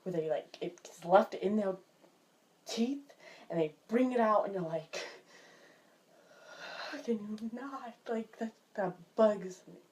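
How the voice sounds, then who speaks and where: Chatty exasperated woman vlogger, mellow voice. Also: medium pitch, unhurried. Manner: chatty, exasperated, filler-heavy with "like". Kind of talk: casual vlog chat.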